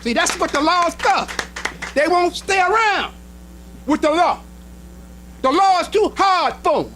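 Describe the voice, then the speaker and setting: A minister preaching a sermon in an emphatic style, with short repeated phrases and speech. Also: male voice, very high voice, expressive, unhurried, pushed and bright, poor audio. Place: temple hall.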